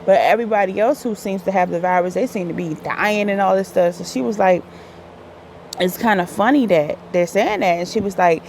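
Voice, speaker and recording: A woman's voice: fairly low pitch, darkish tone, a little hiss or hum. A woman hosting a casual commentary show, chatty and filler-heavy, correcting herself often as she talks. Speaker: host.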